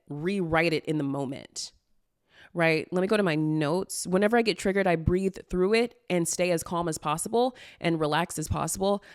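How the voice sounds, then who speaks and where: Low-voiced woman giving blunt casual advice. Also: clean tone. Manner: blunt, swears freely, many "like" fillers. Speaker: manifestation coach.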